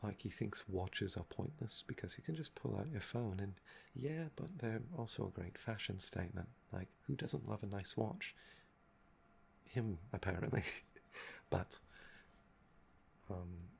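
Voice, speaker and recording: A young man with a gravelly, fry-laden voice, talking in a soft-spoken ASMR chat that meanders and trails off. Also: fairly low pitch, a little slow, slight background noise. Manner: meandering and musing, often trailing off with "um". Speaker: ASMR channel host.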